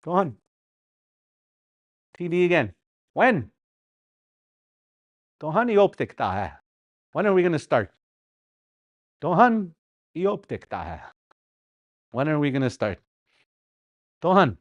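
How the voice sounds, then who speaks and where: Teacher from Sioux Valley, lively sing-song delivery, dry close sound, paces while teaching and drills words. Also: medium pitch, slow, pauses often, no echo, muffled recording. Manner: playful, repeats words for practice, chuckles often. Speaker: Dakota language teacher. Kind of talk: live language class. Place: classroom during a livestreamed class.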